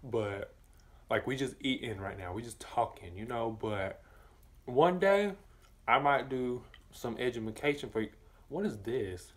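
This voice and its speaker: Young man, Southern US accent, casual vlog chat, sassy, campy, blunt, eating while talking, mid pitch. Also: lively intonation, measured pace, fairly bright tone. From southern United States. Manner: sassy, blunt and campy, with bursts of high exclamations; talks with his mouth full. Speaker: vlogger.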